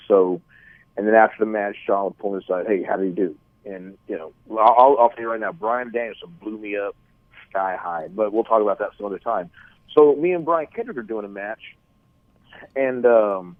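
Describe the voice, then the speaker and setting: A middle-aged man with a Texan accent, a wrestling promoter telling animated stories in a phone interview, repeating words as he goes. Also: fairly low pitch, fairly quick, no room sound. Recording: tinny dry phone line.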